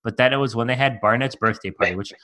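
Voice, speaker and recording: A young man co-hosting a podcast, chatting casually in a relaxed, hedging way. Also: medium pitch, quick pace. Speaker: podcast co-host. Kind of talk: casual chat.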